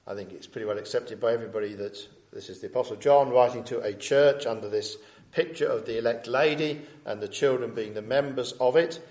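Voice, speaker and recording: A man's voice: medium pitch, fairly quick, a little mellow. A man preaching a sermon, earnest and emphatic, asking rhetorical questions and quoting scripture. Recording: roomy echo.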